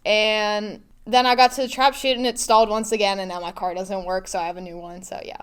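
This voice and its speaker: A teenage girl co-hosting a school podcast, telling a story in a casual, animated way with many fillers and giggles. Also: mid-range voice, a little fast, clean tone. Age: teens. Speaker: podcast co-host.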